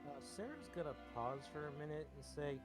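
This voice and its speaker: A male player in a tabletop game whose voice sits a touch high. He speaks haltingly, with plenty of ums, while clear music plays behind him. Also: big pitch swings. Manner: hesitant, lots of ums. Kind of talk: casual tabletop play.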